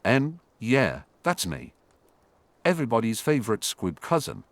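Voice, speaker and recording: A man's voice: mid-range voice, huge pitch swings, unhurried, dry recording. A man voicing a nervous, ordinary middle-aged father who talks awkwardly and hesitantly.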